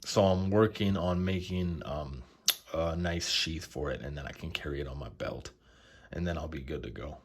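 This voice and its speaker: A young man casually showing his knife collection, relaxed and enthusiastic, with lots of fillers. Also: extremely low pitch, normal speed, husky. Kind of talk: casual show-and-tell.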